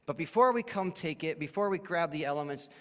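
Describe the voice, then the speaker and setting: Brisk and expressive, with a voice a little on the high side, a man preaches in a church sanctuary where the reverb rings long. His expository sermon explains a Bible passage and briefly acts out the people who speak in it.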